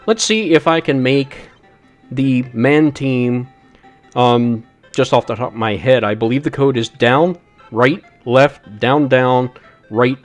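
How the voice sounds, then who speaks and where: A man's voice: mid-range voice, slow pace, soft background music. A man streaming a retro video game live, chatting casually while he plays, in a rambling, self-deprecating way. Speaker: gaming streamer.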